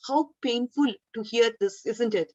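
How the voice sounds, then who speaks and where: A woman's voice: a little high, measured pace, darkish tone, no echo, dull audio. A woman teacher telling a story to children, often stopping to ask the class questions and now and then scolding a student. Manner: asks the class frequent questions.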